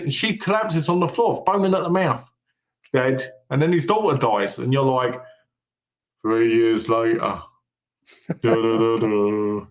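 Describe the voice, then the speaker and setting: A man co-hosting a film podcast, his voice sitting a little high. He retells movie plots with energy, acting out the characters' lines as he goes. The recording has a roomy, echoey sound. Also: highs cut off. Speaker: podcast co-host. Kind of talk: casual film review chat. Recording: echoey room.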